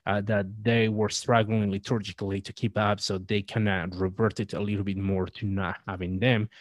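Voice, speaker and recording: A man appearing as a podcast guest, talking in a halting, scholarly way with frequent restarts. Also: on the low side, level tone, no echo. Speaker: guest, Catholic writer and presenter. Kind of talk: podcast discussion.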